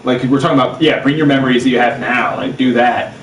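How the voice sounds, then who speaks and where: Young male podcast co-host, animated storyteller, recorded in a roomy space off-mic. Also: medium pitch, fast talker, a little hiss or hum. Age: young adult. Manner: animated storyteller, loud acted quotes. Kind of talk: casual chat. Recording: roomy live stream, mic at a distance.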